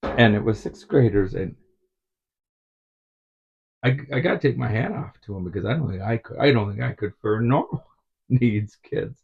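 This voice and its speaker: A man's voice: on the low side, animated, moderate pace, creaky, pauses often, slightly rough, phone-quality sound. A middle-aged man telling rambling stories in a casual vlog, chuckling often as he talks. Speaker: vlogger.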